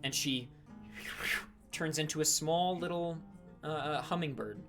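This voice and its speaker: A man runs a tabletop game session, narrating scenes and voicing characters. He rambles and corrects himself often, with fillers everywhere. Soft guitar music plays in the background. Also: a little high, measured pace. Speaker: dungeon master.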